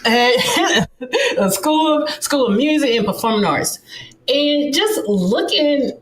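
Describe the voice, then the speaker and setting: A woman's voice: sits high, animated. A woman host asking interview questions, stopping and restarting as she feels for the wording. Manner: halting, restarts her questions. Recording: roomy echo.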